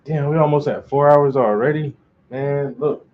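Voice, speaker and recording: A man's voice: a little high, moderate pace. A man painting on a long live stream, chatting casually in a loose, slangy, joking way. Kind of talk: casual chat while painting. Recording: roomy, dull lo-fi sound.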